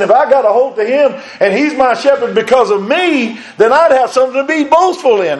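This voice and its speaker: A man delivers a sermon in a fairly high voice. He is fervent, swinging between loud, pressing lines and soft, hushed ones. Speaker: preacher.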